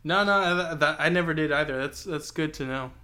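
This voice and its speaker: A man's voice: a little high, fairly quick, sharp tone. A man from Texas co-hosting a podcast, chatting casually about a book in a rambling way full of fillers. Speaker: podcast co-host.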